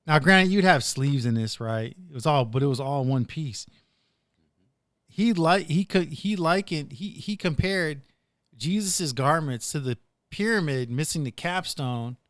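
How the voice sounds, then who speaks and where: A man's voice: on the high side, lively intonation, a little slow, fairly bright tone, dry recording, studio quality. A man hosting a casual podcast, rambling through retold stories with plenty of "dude" and "like". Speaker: podcast host.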